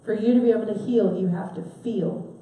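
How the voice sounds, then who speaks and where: A woman giving a sermon, asking her listeners questions and stressing key words with soft pauses. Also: medium pitch. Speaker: preacher. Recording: very echoey, from far off the mic.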